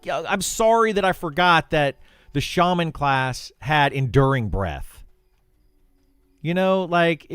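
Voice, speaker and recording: A gaming content creator with a clean voice on the high side chats casually during a livestream, with no room sound. He rants in an animated, exasperated way and laughs often.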